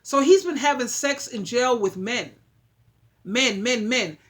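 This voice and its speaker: A woman's voice: on the high side, a little slow. A woman giving relationship advice in a casual, opinionated monologue. She talks emphatically, like a preacher, and repeats her points for emphasis.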